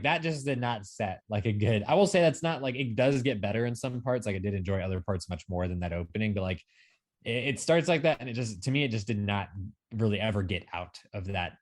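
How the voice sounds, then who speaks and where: A man co-hosting a casual film review show, his voice sitting on the low side. He rambles, circles back and restarts his sentences, with plenty of fillers as he works through his thoughts. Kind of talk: casual chat.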